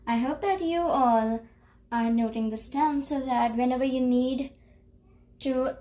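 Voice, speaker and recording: A woman teaching a beginner French lesson, explaining slowly and repeating each phrase carefully. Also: high-pitched, warm tone, rough recording.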